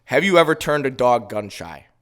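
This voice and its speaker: Casual man asking halting questions. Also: medium pitch, very animated, a bit bright. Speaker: podcast co-host.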